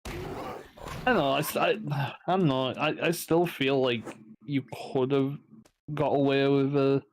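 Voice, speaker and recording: A man's voice: medium pitch, a little slow, a little hiss or hum. Hesitant man reading chat mid-game. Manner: relaxed, hesitant, many fillers while reading chat. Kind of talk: casual gameplay chat.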